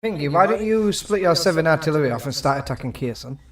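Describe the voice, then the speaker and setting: A man's voice: on the high side, animated, fast talker, a bit bright, recorded from a distance. A British man streaming a strategy game and chatting with friends, joking and laughing often. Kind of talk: casual gaming chat with friends.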